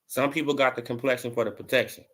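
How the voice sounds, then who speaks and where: A man's voice: medium pitch, quick pace. A man giving a casual boxing opinion rant, full of slang and fillers like "bro" and "you know". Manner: rising to animated mocking in the back half. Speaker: boxing commentary vlogger.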